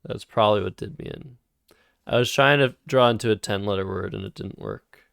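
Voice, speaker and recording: A man's voice: on the low side, brisk, creaky, fairly bright tone, clean tone, no echo, clean studio sound. A man casually thinking aloud while playing word games on a live stream. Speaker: streamer and Scrabble player.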